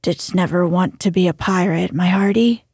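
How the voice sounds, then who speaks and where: A woman's voice: fairly low pitch, normal speed, darkish tone, slightly rough, no room sound, studio quality. A woman voicing a menacing pirate captain who blusters in old-fashioned pirate talk, in a storybook reading. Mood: coaxing.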